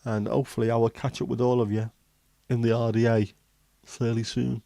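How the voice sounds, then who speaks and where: A man's voice: medium pitch, little pitch movement, fairly quick, vocal fry, warm tone, no echo. A man, hosting a casual livestream and chatting with viewers in a joking way. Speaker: livestream host.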